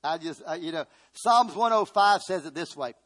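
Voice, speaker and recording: A middle-aged man pastor preaching a sermon, calling out to his congregation and rising to loud, emphatic bursts. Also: a little high, expressive, normal speed.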